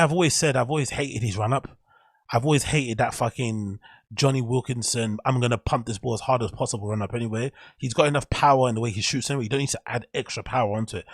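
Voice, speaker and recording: A young English man hosts his own show, ranting with plenty of swearing and frustration. His voice is gravelly and a little husky. The sound is dry and close. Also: mid-range voice, dry recording. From England. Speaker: show host. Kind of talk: casual solo commentary.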